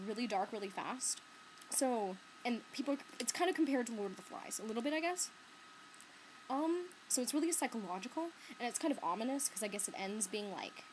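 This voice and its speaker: A woman's voice: a little high, poor audio. Give me a rambling young woman on a laptop webcam, light hiss in the background. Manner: chatty, filler-heavy, lots of "like" and "um". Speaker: book vlogger. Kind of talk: casual vlog chat. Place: bedroom. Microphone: laptop webcam mic.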